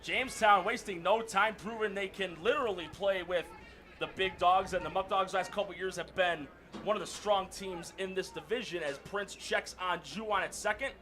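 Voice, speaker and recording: A man calling a baseball game play by play, excitable and shouting during big plays. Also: sits high, normal speed. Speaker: play-by-play announcer.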